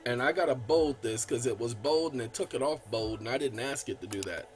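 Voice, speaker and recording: On his own channel, a man walks viewers through a legal document he's editing on screen, talking casually and emphatically and addressing them as y'all. He reads the legal text aloud with stress on key words, frequently stammering and restarting. His mid-range voice is a little fast, with slight background noise.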